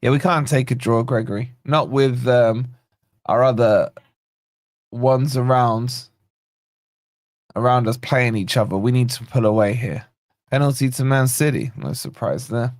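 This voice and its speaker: A man hosting a live football watch-along, calling the play and greeting viewers by name in a chatty, excitable way. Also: medium pitch, unhurried, pauses often, no echo, clean studio sound. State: yawning, tired. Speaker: fan channel host.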